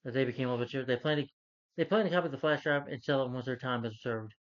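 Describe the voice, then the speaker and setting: A man's voice: mid-range voice, fast, highs cut off. A man casually recapping a film as a reviewer, rambling with lots of "you know" and "like". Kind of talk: casual spoken movie recap.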